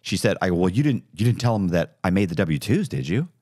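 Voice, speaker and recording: A middle-aged man telling his story as a podcast guest, animated and acting out the dialogue. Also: sits low, quick pace, no room sound, clean studio sound. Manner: animated, acts out quoted dialogue. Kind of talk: casual storytelling interview.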